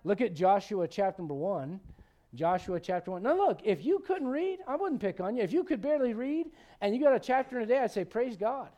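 A male pastor preaching a sermon, animated and conversational, with frequent restarts. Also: high voice, fairly quick, dull audio.

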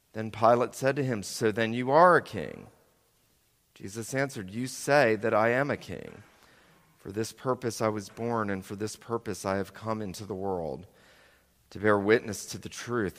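A man preaches from the pulpit, reading a long scripture passage and then turning to the congregation with questions. His voice sits at an ordinary middle pitch, and he gives the quoted speech dramatic weight, growing louder and then softer. The sound carries the long reverb of a large hall. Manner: dramatic reading, voicing quoted lines with shifts in loudness. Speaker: pastor.

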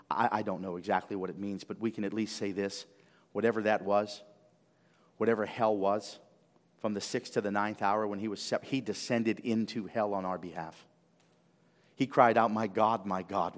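A male pastor preaching a sermon with animated swings of pitch and volume, often repeating words as he builds. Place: church sanctuary. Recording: long reverb of a church hall.

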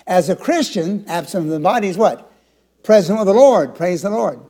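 A man in his seventies, a pastor preaching a sermon, asking the congregation rhetorical questions and moving between quiet and emphatic delivery. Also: high voice, animated, moderate pace. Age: 70s.

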